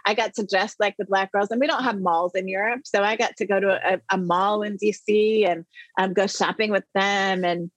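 A middle-aged woman, an interview guest, telling a personal story with animated emphasis. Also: medium pitch, moderate pace, no echo. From the Netherlands.

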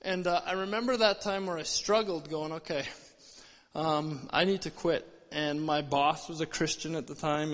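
A young man giving an earnest, animated testimony at a church service. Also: on the high side, normal speed. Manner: earnest, animated storytelling with many restarts. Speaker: church speaker sharing testimony. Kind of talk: sermon testimony. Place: church hall. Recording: long hall reverb.

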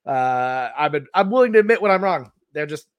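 A man hosting a casual sports podcast, quick to laugh and full of hesitant fillers. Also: fairly high pitch, expressive, clear, resonant tone, dry recording, highs cut off. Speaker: podcast host.

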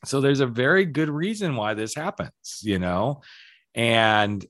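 A man's voice: medium pitch, lively intonation, measured pace, fairly bright tone, no echo, clean studio sound. A man hosting a conversation, a speaking coach who tells stories and acts out the quoted dialogue. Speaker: podcast host and speaking coach. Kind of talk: casual conversational interview.

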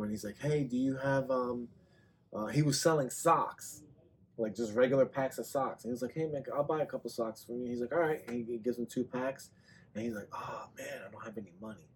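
A man in a casual podcast chat, telling animated stories and swearing freely. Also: medium pitch, husky. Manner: animated storyteller, swears a lot. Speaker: podcast guest or host.

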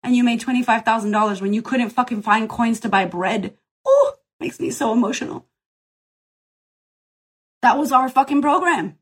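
Husky-voiced, profane woman coach. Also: fairly high pitch, normal speed, pauses often. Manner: blunt, profane and effusive, swears often; energetic pep-talk delivery. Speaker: business coach and podcast host. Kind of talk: live motivational Q&A.

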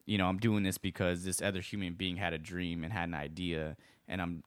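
A man with a fairly low voice recorded dry and close, talking through his own story in a loose, rambling way. He circles back with restarts and fillers in casual podcast conversation. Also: level tone, brisk, no room sound. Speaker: executive director of a DJ school, guest.

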